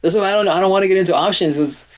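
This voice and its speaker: A man's voice: sits high, rapid-fire, highs cut off. A man hosting a live trading stream, telling stories in casual chat with lots of restarts. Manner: animated storytelling with lots of restarts. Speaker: stream host.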